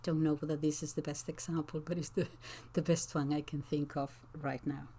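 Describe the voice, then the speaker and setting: A woman teacher answering viewers' comments in an unscripted talk, slow and thoughtful, with frequent hesitations and restarts. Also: sits low, flat delivery, dark tone, breathy edge. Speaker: language teacher and channel host.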